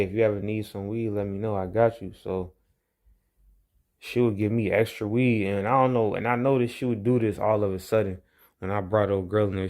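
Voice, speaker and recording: A man's voice: on the low side, a little mellow. A young man casually telling a long personal story, rambling and profane, repeating his phrases as he goes. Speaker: vlogger.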